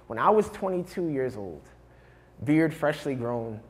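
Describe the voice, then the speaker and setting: A young man from New York, a performance poet, chatting and joking with a live audience in a college hall, then reciting his own poem with rhythmic verse that swells and softens. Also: mid-range voice, big pitch swings, unhurried. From United States (New York). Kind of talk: live spoken-word poetry performance.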